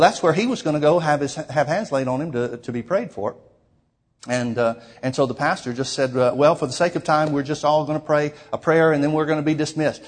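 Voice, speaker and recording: A man's voice: mid-range voice, breathy edge. A man preaching, retelling a story in a sermon with many quoted lines and frequent restarts.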